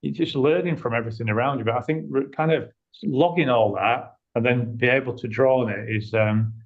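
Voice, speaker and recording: A man chatting as an interview guest, animated as he tells his stories. His voice sits at an ordinary middle pitch, and the recording sounds slightly dull and muffled. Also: a little fast. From northern England. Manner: animated, acts out quoted dialogue. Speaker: interview guest, agency owner. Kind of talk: conversational storytelling.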